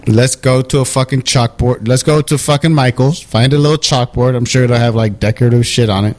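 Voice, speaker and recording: Casting: young male podcast co-host, mid-pitched, blunt and joking, profane. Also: fairly even intonation, brisk, a little mellow. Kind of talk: casual chat.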